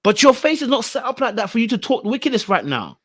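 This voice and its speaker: A man hosting a reaction video, commenting loudly on a reality show and repeating his exclamations. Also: extremely high pitch, fast talker. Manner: animated, exclaiming, repeats phrases. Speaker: reaction channel host.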